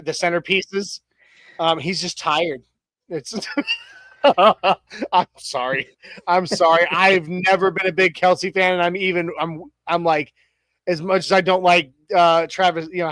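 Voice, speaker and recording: On a casual sports talk show, a man in his thirties co-hosts with a high, somewhat bright voice, joking and rambling with frequent restarts and fillers. The recording is low quality, with no room sound.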